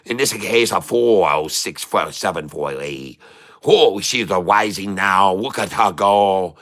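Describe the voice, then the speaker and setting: A man voicing a jokey male trader who speaks halting broken English with dropped words and many fillers, as a comic put-on while trading live. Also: low-pitched, fairly bright tone, pitched below the performer's own voice. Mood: playful.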